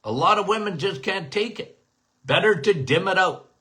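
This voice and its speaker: A man's voice: sits high, animated, normal speed, bright, forceful tone. A middle-aged man hosting a health Q&A podcast, talking casually and repeating phrases for emphasis as he addresses his listeners as guys. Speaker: podcast host, doctor.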